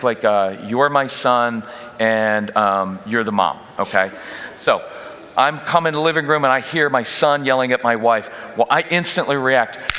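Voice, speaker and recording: A man with a bright, forceful voice addresses a live church audience in a parenting workshop. He talks energetically, cracks jokes and slips into quoted voices of parents and children. His voice rings out with the long reverb of a big church hall. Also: medium pitch. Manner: energetic, jokey, acts out quoted parents and kids. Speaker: guest parenting speaker. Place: church auditorium.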